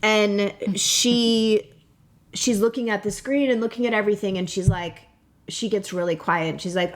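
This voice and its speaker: A woman in her thirties shares a painful personal story as a podcast guest. She talks in long, loose runs full of "like" and "you know." Her voice sits in an ordinary middle pitch, and she comes close to tears at times. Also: steady tone, moderate pace. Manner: talkative, many "like" and "you know" fillers, tearful at times.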